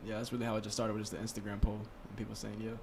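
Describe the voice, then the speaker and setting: A man's voice: lowish voice, completely flat delivery, very fast, creaky, darkish tone, a little hiss or hum. A young man, a guest rapper on a podcast, telling stories in laid-back slang with lots of swearing. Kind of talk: casual chat.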